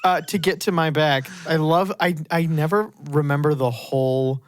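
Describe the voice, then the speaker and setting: A podcast co-host chatting casually about a movie, animated and quick to laugh. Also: medium pitch, a little hiss or hum. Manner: animated, laughs often, acts out quoted lines. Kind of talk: casual movie review chat.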